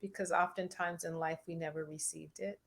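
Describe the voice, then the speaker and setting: A woman therapist speaking as a podcast guest, reflective and measured, with occasional light laughs. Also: on the low side, fairly even intonation, gravelly. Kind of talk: interview conversation.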